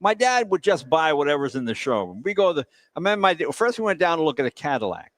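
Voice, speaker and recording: A man's voice: fairly high pitch, fast talker, no echo. A man in his seventies from Massachusetts, telling a car story in a casual chat and acting out voices and engine sounds. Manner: animated, acts out voices and engine noises.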